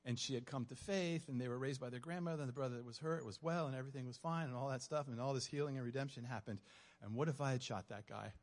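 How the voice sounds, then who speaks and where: A man preaching, telling a story from his police days with emotion, dropping to a hush and then rising loud. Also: mid-range voice. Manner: emotional, dramatic pauses, swings from hushed to loud. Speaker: preacher, former police officer. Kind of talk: sermon storytelling. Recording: long hall reverb.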